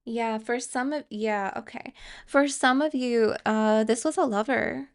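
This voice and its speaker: A woman's voice: a little high, unhurried, creaky, clear, resonant tone. A woman giving a tarot card reading, speaking hesitantly with fillers and restarts and reassuring viewers directly. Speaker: tarot reader.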